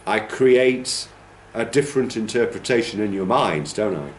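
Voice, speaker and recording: A man's voice: fairly low pitch, lively intonation, moderate pace, roomy sound, slight background noise. A man teaching a training class, explaining pronunciation and demonstrating stress patterns aloud. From United Kingdom. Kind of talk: classroom lecture.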